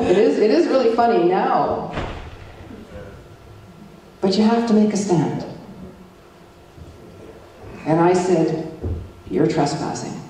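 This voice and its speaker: A middle-aged woman telling her story at a community talk, with a dark, mellow tone. She acts out each exchange by changing her pitch. The sound comes from a mic set well back in a very echoey hall. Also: slow pace, pauses often, distant mic, a little hiss or hum. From Alberta, Canada. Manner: storytelling, acting out dialogue with shifts in pitch. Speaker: guest speaker warning communities. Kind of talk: public talk with slides.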